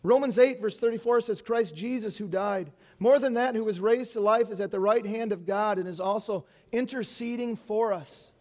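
Male pastor, high voice, earnest preaching with asides. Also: moderate pace, hardly any pauses, a little mellow. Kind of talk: Easter sermon.

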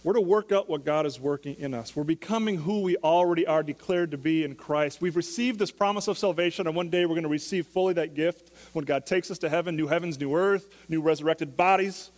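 With a slightly high, darkish voice, a pastor preaches briskly and hardly pauses, his words ringing with big-room sound. He addresses the listeners conversationally, firing off question after question during the sermon.

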